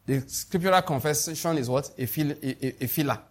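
This Nigerian-accented pastor, middle-aged, has a somewhat high voice and a brisk pace. Forceful in his sermon, he says lines again and checks with listeners through questions.

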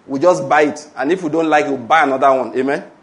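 A man's voice: medium pitch, fast talker. A middle-aged man with a Nigerian accent preaching a sermon, emphatic and calling for responses from the congregation. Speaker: pastor.

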